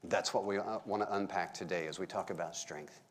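Folksy, lower-voiced preacher, man. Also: brisk. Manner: folksy, joking with the congregation, animated. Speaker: pastor. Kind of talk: conversational sermon.

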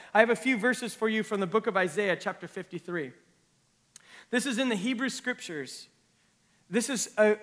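A pastor delivering a sermon, his voice high and bright as he reads scripture passages aloud. He preaches earnestly, building up in force and then dropping low and quiet. His tone stays clear and ringing throughout. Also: in a large hall.

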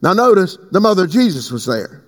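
A man preaching a sermon as pastor, swinging between slow emphatic stretches and sudden high leaps. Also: very animated. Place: church sanctuary. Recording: long hall reverb.

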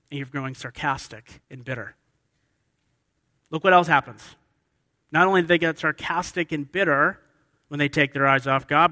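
A man's voice: fairly high pitch, pushed and bright. A man preaching a sermon with emphasis, often asking his listeners questions. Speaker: pastor. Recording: long hall reverb.

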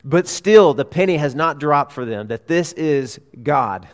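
A man preaching a sermon as a pastor, earnest, swelling to emphatic peaks and dropping low. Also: expressive, normal speed. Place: church sanctuary. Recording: long reverb of a hall.

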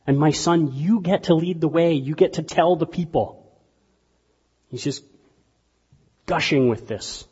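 A male preacher with a fairly high, husky voice delivers a lively, conversational sermon that jumps from hushed asides to loud outbursts. The sound is dull and lo-fi, with a long reverb trailing off the walls of a large hall. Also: measured pace, pauses often. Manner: animated, conversational preaching with sudden bursts of volume. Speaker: pastor.

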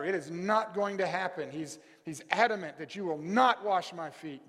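A man preaching a sermon and reading scripture aloud, with heavy emphasis on key words that he slows right down to stress. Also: high-pitched, a bit bright, long reverb tail. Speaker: pastor.

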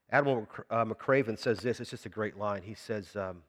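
A man's voice: fairly low pitch, fairly even intonation, fairly quick, few pauses, fairly bright tone, in a large hall. A man preaching a sermon in a church, talking conversationally and asking the congregation questions. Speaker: pastor.

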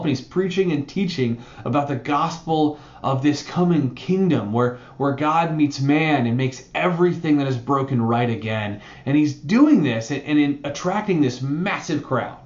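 With a slightly high voice, moderate pace, and hardly any pauses, a pastor preaches in an echoey room where the highs are cut off. He explains a Bible passage conversationally and with animation, frequently asking "right?"

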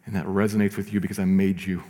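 A man preaching a sermon as pastor, earnest, rising to emphatic lines and dropping to soft, slow ones. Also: low voice, flat delivery, long reverb tail.

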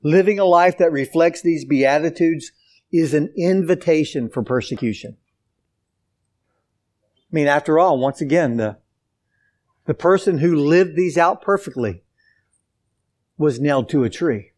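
A man's voice: a little high, unhurried, long pauses, a little mellow. A man preaching a sermon, emphatic and repetitive, speaking straight to his congregation. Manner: emphatic preaching with repeated phrases, addresses the church directly. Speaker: pastor.

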